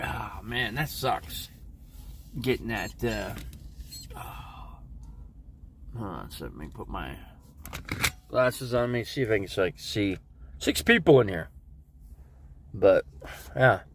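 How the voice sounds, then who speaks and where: A man's voice: fairly low pitch, expressive, slow, long pauses, a little hiss or hum. A man with a stuffed-up nose, rambling casually to his viewers on a live stream about his day. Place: living in an RV.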